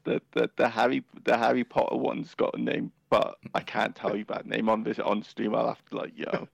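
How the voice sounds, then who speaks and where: A man's voice: mid-range voice, flat delivery, fairly quick, gravelly, husky, no echo. A man co-hosting a casual podcast over a call, joking goofily and repeating himself for laughs. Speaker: podcast co-host. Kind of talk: casual chat.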